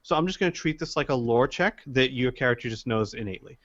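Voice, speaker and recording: A male game master runs a tabletop session, pausing and restarting as he works out rulings. His voice is mid-pitched and comes through a dull, lo-fi mic. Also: animated, a bit bright. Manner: hesitant, lots of ums and restarts while ruling. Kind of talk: running a tabletop role-playing game.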